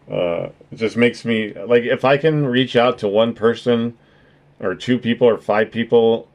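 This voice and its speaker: A man's voice: fairly low pitch, darkish tone, highs cut off. A man chatting casually on his livestream, rambling and earnest, swearing freely as he thanks his viewers. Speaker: streamer.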